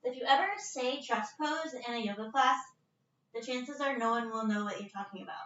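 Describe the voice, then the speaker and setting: A woman's voice: on the high side, fairly quick, a bit bright, roomy sound, far from the mic, lo-fi sound. A woman leading a live-streamed yoga class from her living room, casual and chatty, a little out of breath. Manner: casual, chatty, breaks into laughs. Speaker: yoga instructor. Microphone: phone set at a distance.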